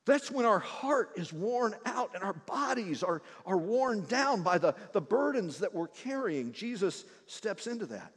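Male pastor, high and very lively voice, sermon with long hall reverb. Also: a little slow, hardly any pauses, husky. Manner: animated preaching, swinging between loud emphasis and hushed lines.

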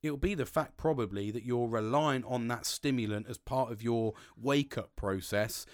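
A British man talking in a frank, rambling casual monologue, swearing freely as a podcast host. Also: medium pitch.

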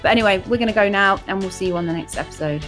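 A woman's voice: medium pitch, very fast, fairly bright tone, faint music behind. Upbeat woman podcast co-host. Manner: upbeat, counts through list points. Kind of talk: casual chat.

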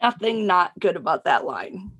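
A woman's voice: fairly low pitch, sing-song, moderate pace, a bit bright, husky. A woman hosting a podcast, asking candid questions and teasing her guest with lots of laughter. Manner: teasing, giggly interviewer. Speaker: podcast host. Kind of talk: casual chat.

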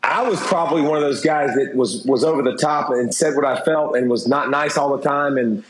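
A man's voice: medium pitch, brisk. A middle-aged man talking candidly as an interview guest, rambling with restarts and fillers. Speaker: interview guest, former TV football analyst. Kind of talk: casual interview talk. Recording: roomy echo.

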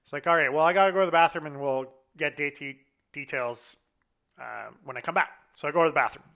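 Bright-voiced man telling a story. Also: fairly high pitch, fast, gravelly. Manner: animated anecdote with frequent profanity and quoted dialogue. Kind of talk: casual storytelling.

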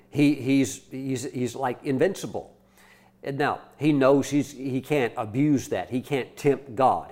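Animated storytelling male preacher. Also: medium pitch. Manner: animated storytelling with quoted voices and restarts. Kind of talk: sermon.

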